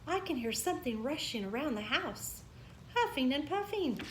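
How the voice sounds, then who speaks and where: Woman reading as a tiny scared mouse boy, squeaky and pleading, storybook, roomy echo. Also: sing-song, moderate pace, a little hiss or hum. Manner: high, pleading and frightened. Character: small anxious young male mouse.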